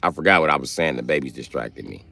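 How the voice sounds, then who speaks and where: A man hosting a livestream, telling profane comic stories in a loose, animated way into a close mic. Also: very deep voice, quick pace, gravelly. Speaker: livestream host. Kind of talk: casual comedic rant.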